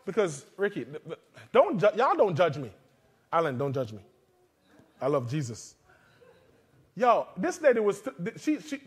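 In a loose, conversational sermon, a father preaches with a fairly high, slightly breathy voice, sharing personal stories and tossing humorous asides to the congregation. He then slows down to read scripture aloud.

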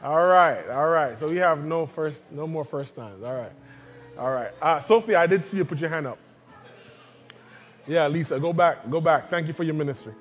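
A pastor preaching in a church, leading the congregation in call-and-response and repeating phrases slowly. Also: male voice, fairly high pitch, lively intonation, faint music behind. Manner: slow, drawn-out delivery with repetitions. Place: church sanctuary.

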